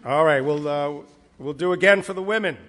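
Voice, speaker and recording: A rabbi teaches a Torah class in a synagogue hall, mixing jokes into his lesson. He speaks in a high voice and tells his stories in a lively, emphatic way. His voice carries the long reverb of a large hall. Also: a little fast.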